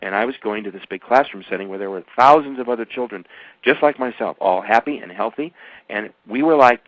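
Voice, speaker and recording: A man's voice: fairly quick, no echo. Emphatic older man on dry, dull radio. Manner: emphatic, rambling, with sudden jumps in pitch. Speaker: author and guest. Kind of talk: radio interview.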